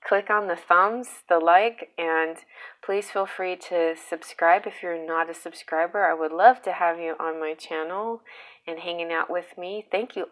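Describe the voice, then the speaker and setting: Chatty, playful woman reading tarot. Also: on the low side. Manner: chatty and playful, laughs often. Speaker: tarot reader. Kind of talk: casual pick-a-card tarot reading.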